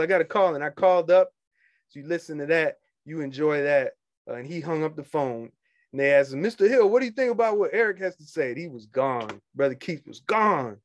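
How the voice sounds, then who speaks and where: Animated man talking to union members. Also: fairly high pitch, dry recording. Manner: animated, laughs often, dismissive asides. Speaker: union organizer. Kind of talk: casual talk to members.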